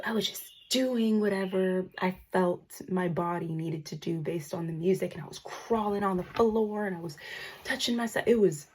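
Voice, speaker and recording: A woman's voice: lowish voice, normal speed, darkish tone, breathy edge. A young woman talking to camera in a casual personal vlog, emotional and grateful, holding back tears at times. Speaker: vlogger.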